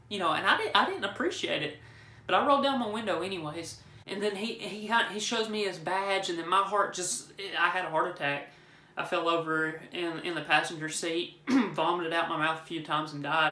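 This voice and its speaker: A man's voice: high voice, pushed and bright. Man, casual storytelling, rambling and joking, roomy echoey room. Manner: rambling, joking, with frequent restarts. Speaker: vlogger telling a personal story. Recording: roomy echo.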